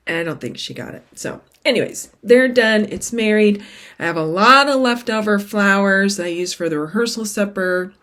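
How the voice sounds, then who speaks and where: A woman's voice: mid-range voice, a bit bright. A middle-aged woman hosting her cross-stitch vlog in casual, rambling chat that keeps drifting off topic. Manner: rambling, chatty, sidetracked.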